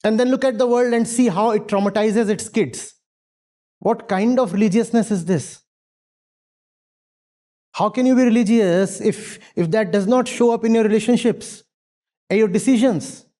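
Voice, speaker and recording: A man's voice: sits high, normal speed, pauses often, mellow. A man speaking as a spiritual teacher to a university audience, emphatic, using rhetorical questions and repetition. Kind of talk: lecture with audience Q&A. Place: university lecture hall.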